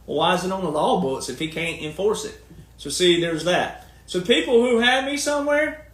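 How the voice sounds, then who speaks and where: A man's voice: sits high, expressive, normal speed, fairly bright tone, roomy sound. A man talking in a long, casual monologue, folksy and emphatic, firing off rhetorical questions. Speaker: commentator and speaker.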